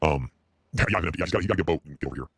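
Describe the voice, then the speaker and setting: Very deep, fast, stammering male streamer. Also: fairly bright tone, slightly rough, no room sound, studio quality. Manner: stammering, repeats words, halting. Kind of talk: rambling livestream chat.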